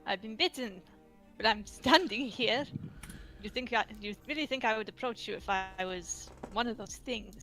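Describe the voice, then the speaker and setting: A woman's voice: on the high side, normal speed, sharp tone, soft background music. A woman playing a character in a tabletop game, talking casually with a touch of defiance. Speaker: player.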